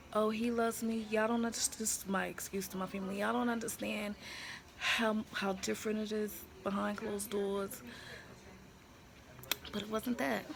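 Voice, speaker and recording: A woman with a gravelly, fry-edged voice talks straight into a handheld phone from a hospital room. She is candid and blunt, swinging into emotional, slangy storytelling, while steady noise from the room runs underneath. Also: mid-range voice. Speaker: vlogger. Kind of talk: candid personal storytelling to camera. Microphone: handheld phone camera. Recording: noisy room ambience.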